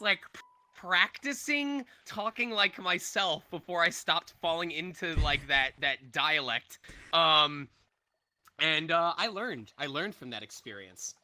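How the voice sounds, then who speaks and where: Male voice actor, thirties, chatty convention Q&A, bright and a bit high. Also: expressive, a little slow, no echo. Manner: chatty, laughs often, jumps between voices. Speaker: voice actor guest. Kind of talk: convention Q&A answers.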